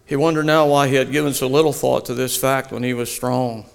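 A man reading a devotional story aloud in a slow, earnest storytelling manner. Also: mid-range voice, steady tone, creaky, clear, resonant tone. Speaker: narrator. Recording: long hall reverb.

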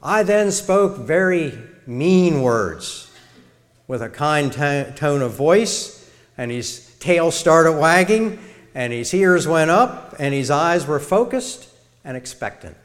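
A middle-aged man giving a sermon-style talk to a church congregation in a measured way, illustrating his points. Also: a little high, sing-song. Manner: measured, demonstrates tones of voice. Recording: long reverb of a large hall.

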